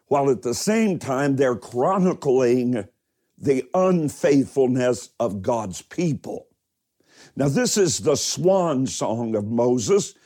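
A man's voice: medium pitch, warm tone. A man preaching a livestreamed sermon as pastor, leaning on key words and greeting viewers by name. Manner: emphatic preaching, stretching key words slowly.

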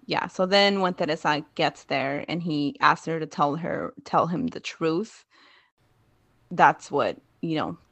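A woman's voice: low voice, measured pace, creaky, dry recording. A woman co-hosting a podcast, casually recapping episodes and acting out the characters' lines. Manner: animated retelling, acts out characters' lines. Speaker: podcast co-host.

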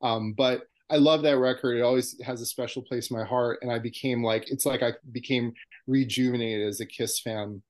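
A man in his fifties, from New York, telling a fan memory as a podcast guest in an excited, profane way. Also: mid-range voice, moderate pace. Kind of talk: casual storytelling.

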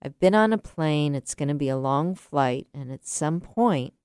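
A woman in her late fifties, a teacher, telling a reflective personal story in a soft, unhurried way. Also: low voice, animated, clean tone, dry recording, clean studio sound. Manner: slow, soft-spoken and unhurried.

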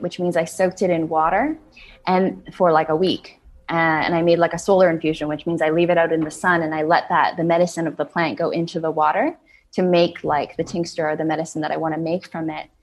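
A young woman telling a personal story in an earnest way, with many "like" fillers, acting out her own past words. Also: lowish voice.

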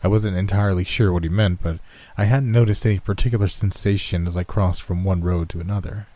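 Deep-voiced man narrating a horror story. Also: brisk. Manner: steady first-person storytelling. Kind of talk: scripted narration.

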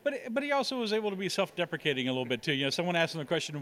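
A man's voice: a little high, big pitch swings, very fast, fairly bright tone. A man, a sports journalist, giving fluent, analytical interview answers.

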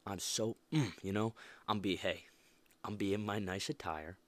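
A man's voice: lowish voice, moderate pace, fairly bright tone. A young man hosting a motivational podcast, talking casually and emphatically with many restarts and fillers. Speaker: podcast host.

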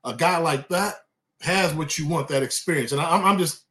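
Chatty man with a higher voice. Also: a little fast, bright, forceful tone. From California. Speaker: guest, former college quarterback. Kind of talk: casual sports chat.

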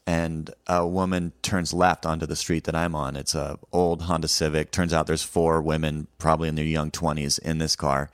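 A man with a very low voice recounting a late-night tour story in a relaxed, wry way. He acts out the lines he quotes. He is recorded close to the mic, with a dry sound and no room echo. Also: smooth. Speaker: comedian telling a tour story. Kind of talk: casual podcast storytelling.

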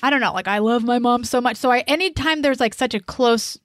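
A high-voiced woman co-hosting a podcast, chatty and full of fillers. Her voice is recorded very dry and close, with no room sound at all. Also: dry recording. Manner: chatty, full of "like" and quick agreement. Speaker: podcast co-host. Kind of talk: casual chat.

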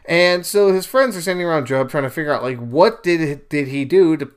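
Young male podcast host, casual storyteller, slightly high-pitched, animated delivery. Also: a little fast, clean tone. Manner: animated storyteller, paraphrases scenes in bursts of raised voice. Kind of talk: casual religious commentary monologue.

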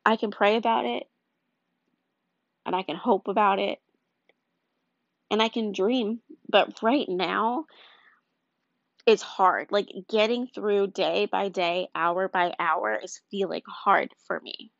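A woman's voice: mid-range voice, steady tone, slow pace, creaky, pauses often, no room sound, lo-fi sound. A tired young woman speaking candidly and earnestly in a rambling, confessional faith talk.

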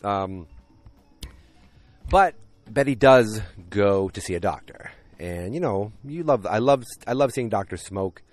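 A man casually recapping a TV episode with a deep voice and rambling, jokey asides. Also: moderate pace, few pauses, darkish tone, soft background music.

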